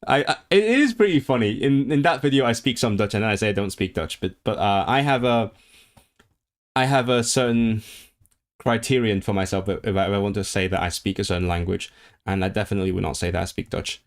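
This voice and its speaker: Hong kong guy in his 30s chatting on stream, reads chat out loud, lots of restarts and tangents. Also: lowish voice, steady tone, a little fast. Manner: rambling, reads chat aloud, many restarts. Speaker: livestream host. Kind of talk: casual livestream chat.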